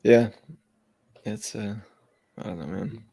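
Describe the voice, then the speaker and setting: A man co-hosting a casual podcast chat, rambling and halting with lots of fillers. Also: fairly low pitch, warm tone. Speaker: podcast co-host.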